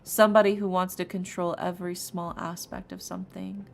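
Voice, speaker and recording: A woman streamer reading tarot cards for her chat in a put-on sultry voice, low, slow and half-whispered. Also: level tone, gravelly. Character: sultry, seductive female tarot reader. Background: soft lo-fi music.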